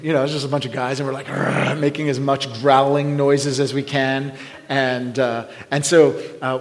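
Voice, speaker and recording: A man preaching a sermon, telling a story with lots of restarts and shouted sound effects. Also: mid-range voice. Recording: long hall reverb.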